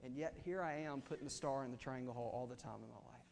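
Man, pastor, sermon, hushed to loud, long reverb, faint room ambience. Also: medium pitch, fast talker, gravelly, a little hiss or hum. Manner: impassioned, swings from hushed to loud.

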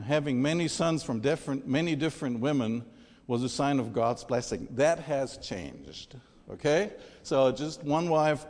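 A man's voice: mid-range voice, a little mellow. A man preaching a sermon in a conversational, emphatic way, speaking directly to his listeners. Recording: long hall reverb.

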